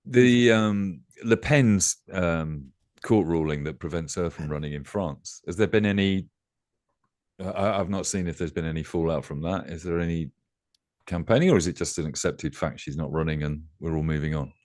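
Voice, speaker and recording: Deep-voiced guy on a politics panel, slow thoughtful ums, dry sound. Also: a little mellow, no room sound. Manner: thoughtful, measured, halting with ums. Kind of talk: casual political chat.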